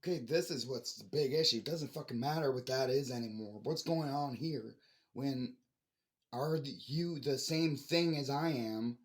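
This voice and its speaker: A man's voice: mid-range voice, normal speed. A man vlogging in a rambling monologue, frustrated and ranting with restarts and swearing.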